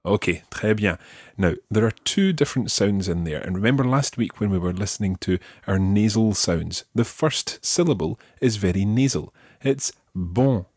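A man's voice: on the low side, animated, a little mellow, dry recording, studio quality. Patient Scottish man teaching pronunciation. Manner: patient, slow, careful modelling of pronunciation. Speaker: French teacher. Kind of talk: podcast language lesson.

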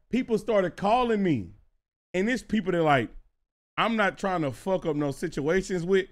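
Young Texan man, high, bright, animated storyteller who laughs through his story. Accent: Houston, Texas. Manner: animated, laughing, drops into a deep voice to quote others. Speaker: streamer. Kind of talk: casual storytelling.

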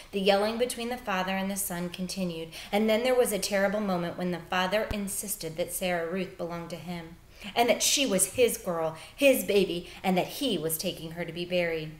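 A woman teacher reading a children's book aloud, with expressive storytelling that turns soft and hushed in the sad parts. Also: mid-range voice, normal speed, reverberant.

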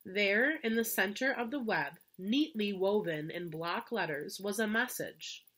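A woman teacher reading a children's storybook aloud to fourth graders in a gentle, expressive way. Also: medium pitch, a little slow, breathy edge.

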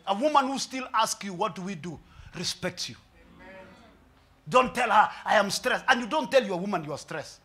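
A man preaching a sermon, mixing in Swahili and humor, swinging from hushed lines to shouts. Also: high voice, animated, moderate pace. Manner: mixes English and Swahili with humor. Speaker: pastor.

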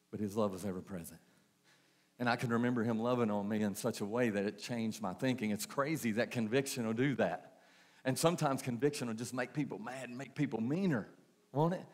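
A man preaching a sermon, repeating phrases and asking the congregation questions. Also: medium pitch. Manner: preaching with repetition and rhetorical questions. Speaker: pastor.

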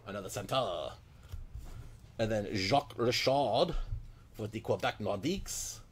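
A man's voice: fairly low pitch, animated, slow pace, slightly rough, full character voice. A man putting on a jolly, comic-accented hockey player. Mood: jokey. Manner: chuckling "ho, ho", speaking in first person as the players. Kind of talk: mock-accent card commentary.

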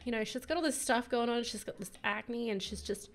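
A young woman with a croaky voice giving bubbly, giggly casual commentary on her life-sim gameplay. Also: on the high side, brisk. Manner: bubbly and giggly, gushing over her characters. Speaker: gaming YouTuber.

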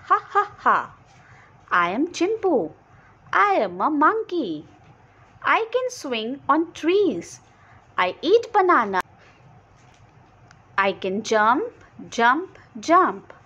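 A woman's voice: sits high, big pitch swings, takes it slowly, pauses often, fairly bright tone, highs cut off, exaggerated voice. A woman reading the lines of a playful little monkey from a children's storybook, in a sing-song way.

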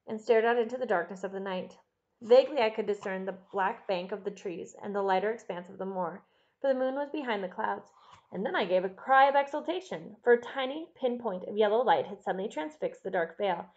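Narrating an audiobook of a classic novel, a woman speaks in a measured, expressive storytelling style. She has a mid-range voice, and the sound is lo-fi.

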